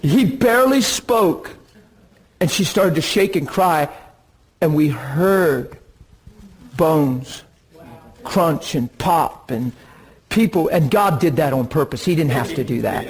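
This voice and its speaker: Husky-voiced man preaching a story. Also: a little high, takes it slowly, long pauses, poor audio. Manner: animated, laughs and bursts into excitement while recounting. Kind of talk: sermon storytelling.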